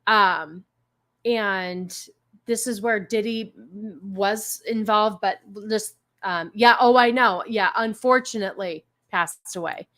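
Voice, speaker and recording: A woman's voice: medium pitch, takes it slowly, a bit bright. A woman hosting a stream, chatting casually and reacting bluntly with swearing and exclamations. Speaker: stream host. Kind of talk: casual chat reacting to a book summary.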